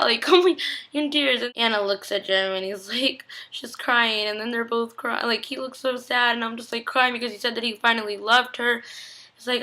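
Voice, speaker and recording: This TV recap vlogger, a young woman on the verge of crying, has a high-leaning, bright, forceful voice that stays steady and moves briskly. She gushes through the episode in a chatty way, filling it with "like" and performing the characters' lines.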